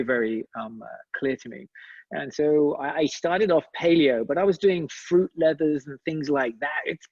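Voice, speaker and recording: A man in his forties talks as an interview guest, pausing often and restarting his sentences. His voice is husky and a little breathy. The sound is dry and slightly muffled, like a remote call. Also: on the high side, dry recording. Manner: hesitant, many fillers and restarts. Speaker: company co-founder guest. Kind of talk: conversational interview.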